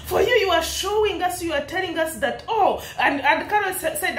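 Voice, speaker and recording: A young East African woman lectures at an unhurried pace, her high voice leaping up and down as she preaches. She laughs often between her scolding lines, and the sound bounces around an echoey room. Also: animated, fairly bright tone. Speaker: vlogger commenting on a public dispute. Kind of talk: impassioned commentary.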